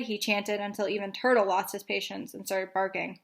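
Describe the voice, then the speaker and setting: Young teacher, storytime read-aloud for kids, relaxed and casual, woman. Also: medium pitch, normal speed, creaky. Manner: casual, with fillers. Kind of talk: reading a chapter book aloud to children.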